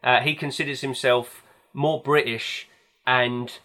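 A man's voice: mid-range voice, steady tone, slow pace, sharp tone. Rambling, enthusiastic man talking films. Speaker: podcast host. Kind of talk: casual film chat.

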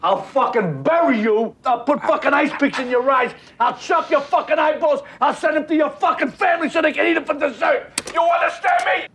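In film dialogue, an actor plays an enraged, volatile middle-aged mob boss who halts and then erupts into threats laced with swearing. His male voice is very high-pitched and a bit bright, with slight background noise.

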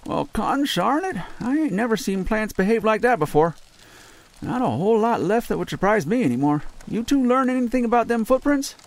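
A man's voice: high voice, big pitch swings, a little fast, no room sound, voice pushed up. A man voicing a grizzled, blustery old backwoods man with a folksy drawl, for an audiobook. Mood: exasperated.

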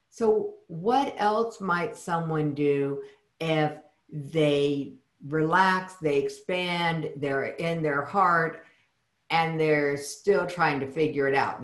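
A woman with a fairly low voice hosts an interview, playful and quick to laugh. Her voice carries a noticeable roomy echo. She keeps the talk loose and animated. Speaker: podcast host. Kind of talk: conversational interview.

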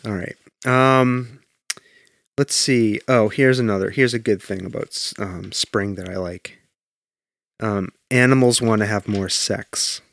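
A man co-hosting a podcast in casual chat, joking deadpan and bickering playfully. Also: fairly low pitch, a little slow, creaky, slight background noise. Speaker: podcast co-host.

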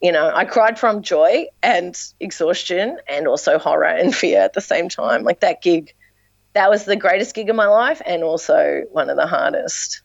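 A woman with an Australian accent, a dance teacher and performer, telling animated stories in casual podcast chat. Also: fairly low pitch, normal speed, creaky, dry recording, lo-fi sound. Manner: animated storyteller, acts out quotes.

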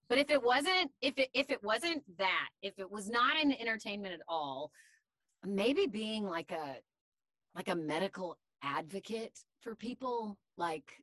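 A woman from Tennessee who works in voiceover talks unhurriedly as a podcast guest, circling back and restarting her thoughts. Her voice is bright and fairly low for a woman. The recording is close and dry. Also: no echo. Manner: rambling, full of fillers and restarts. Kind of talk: casual conversational interview.

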